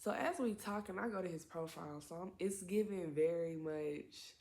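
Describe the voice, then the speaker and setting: A woman's voice: lowish voice, moderate pace, darkish tone. A woman in her twenties tells a story in a casual vlog. She talks in a chatty, slangy way with plenty of profanity and side remarks. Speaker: vlogger.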